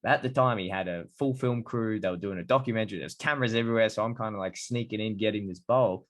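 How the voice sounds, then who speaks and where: A man hosting a podcast, chatting casually and telling stories in a relaxed way. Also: on the low side, fast. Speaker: podcast host, dietitian. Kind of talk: casual interview chat.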